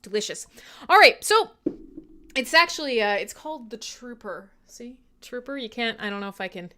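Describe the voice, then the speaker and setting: Bright, lively woman hosting a radio show. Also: on the high side, normal speed. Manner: irreverent, swears freely, laughs often, reads chat aloud. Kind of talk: casual live-stream chat with listeners.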